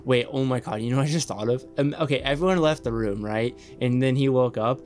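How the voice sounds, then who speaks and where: A young man hosting a reaction channel, rambling excitedly and swearing often in casual commentary. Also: medium pitch, fairly quick, faint music behind.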